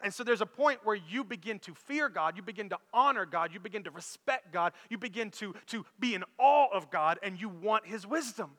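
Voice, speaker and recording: A man in his thirties, a pastor preaching a sermon, telling a lively story to his church. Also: high voice, a little fast, few pauses, big-room sound. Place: church auditorium.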